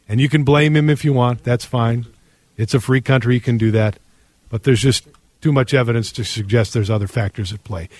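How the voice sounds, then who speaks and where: A man's voice: mid-range voice, no room sound, studio quality. A man hosting a call-in radio show, casual and joking as he reads listener texts. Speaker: radio host. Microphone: studio microphone.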